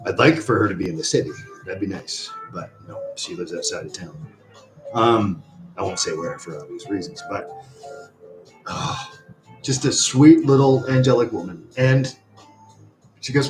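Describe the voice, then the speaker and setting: Lowish-voiced guy rambling on his livestream, sighs a lot, music going behind him. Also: animated, moderate pace, rough recording. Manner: rambling, sighing, reads chat aloud. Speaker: livestream host. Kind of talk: rambling casual livestream chat.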